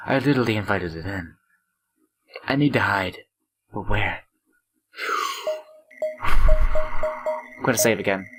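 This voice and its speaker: Drowsy low-voiced man reading game text. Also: slow, pauses often, a bit bright, faint music behind, low-quality recording. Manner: stumbling, stuttering delivery. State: half asleep. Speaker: let's play host.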